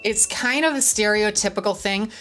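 A woman's voice: medium pitch, moderate pace, fairly bright tone, soft background music. A woman teaching voice training in a casual vlog, explaining things by demonstrating shifts in her own voice. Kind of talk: instructional vlog.

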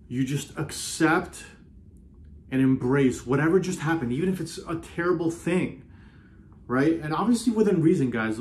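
A man hosting a self-help video, talking earnestly in a casual motivational way, often repeating himself and slowing down on key phrases. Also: fairly high pitch. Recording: roomy echo.

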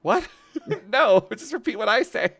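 A woman's voice: a little high, lively intonation, unhurried, fairly bright tone, slightly rough. Giggly woman feeding prank lines. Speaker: streamer. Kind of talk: casual livestream chat.

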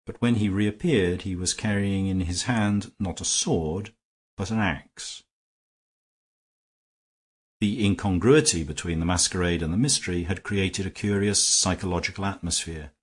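Deep-voiced male audiobook narrator. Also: slightly rough. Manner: measured, steady reading. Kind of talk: scripted narration.

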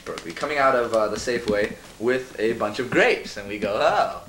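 A man's voice: fairly low pitch, brisk, a bit bright. A middle-aged man casually telling a rambling anecdote to friends, laughing and acting out what people said. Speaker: storyteller. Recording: roomy, distant, noisy home recording.

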